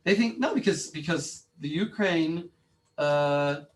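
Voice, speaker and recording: A man teaching a class, arguing his opinions in an animated, informal way with many restarts. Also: fairly high pitch, slow. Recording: voice from far off in a classroom.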